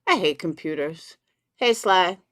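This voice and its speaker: Chatty woman live-streaming with a lively voice. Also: on the low side, measured pace. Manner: chatty, greets viewers by name, talks to her chat. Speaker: livestream commentary host. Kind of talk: casual live-stream chat with viewers.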